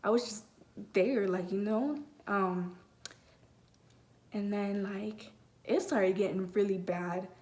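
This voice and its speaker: A woman's voice: medium pitch, fairly even intonation, slow pace, pauses often, darkish tone. A teenage girl telling a personal story in a casual vlog, rambling with many fillers and restarts. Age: late teens. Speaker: vlogger.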